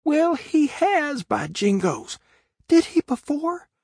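A man voicing a frightened, superstitious, rough-spoken boy in frantic, high whispers. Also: very animated, slow pace, no room sound, clean studio sound, heavily acted. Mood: fearful.

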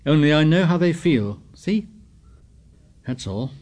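Man doing an obsessive boy hunter, audiobook, eager and quick. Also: on the high side, expressive, darkish tone. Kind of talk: audiobook character reading.

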